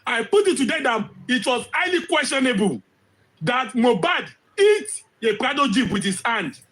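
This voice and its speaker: A man giving impassioned commentary, hoarse from losing his voice, firing off rhetorical questions and repeating phrases for emphasis. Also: very high voice, very animated, moderate pace, a bit bright, poor audio. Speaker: social commentator.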